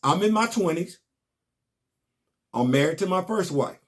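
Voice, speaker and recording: A man's voice: sits high, measured pace. A man, casually recapping a comic book and telling stories on his podcast. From Southern US. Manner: animated, storytelling, rising to emphatic outbursts.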